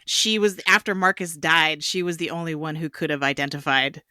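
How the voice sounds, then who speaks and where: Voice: medium pitch, fairly even intonation, moderate pace, bright, forceful tone, clear, resonant tone, no room sound, studio quality. A panelist on a film podcast chatting casually and using many fillers.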